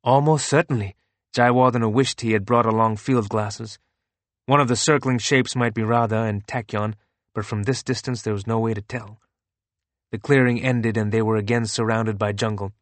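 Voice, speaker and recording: A man narrating a novel as an audiobook in a steady, even reading. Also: fairly low pitch, normal speed, no room sound.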